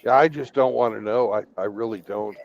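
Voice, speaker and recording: A man's voice: lowish voice, fairly quick, vocal fry, dull audio, over a noisy crowd. A man who works as a truck driver, talking in a casual online group chat, teasing and stammering as he repeats words.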